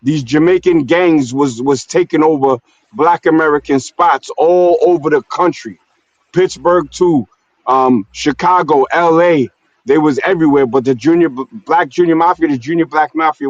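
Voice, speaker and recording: A man's voice: a little high, normal speed, no room sound. Slangy man on a dull, dry stream. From New York City. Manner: loose, slangy storytelling with frequent "you know what I'm saying". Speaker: stream host. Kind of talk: casual streamed conversation.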